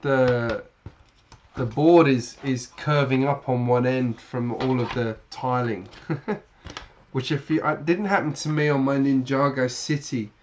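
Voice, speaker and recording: A man's voice: medium pitch, unhurried, muffled recording, a little hiss or hum. A man with a British accent, chatting casually to viewers on a live stream while building, rambling with many fillers and restarts. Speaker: LEGO channel host.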